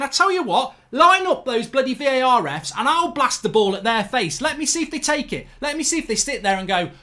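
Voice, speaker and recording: A man's voice: very high voice, bright, forceful tone. A man hosting a football fan channel, ranting heatedly and swearing through a live match reaction.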